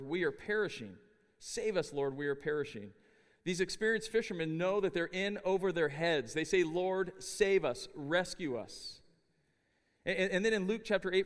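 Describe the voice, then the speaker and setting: A middle-aged man giving a chapel sermon, telling stories with an animated, humorous delivery. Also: fairly high pitch, in a large hall. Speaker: chapel speaker. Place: university chapel.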